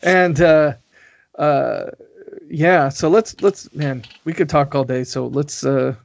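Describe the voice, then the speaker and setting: A man's voice: on the high side, takes it slowly, gravelly, highs cut off. An American man hosting a podcast in a casual chat, laughing and rambling with frequent restarts. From United States. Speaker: podcast host.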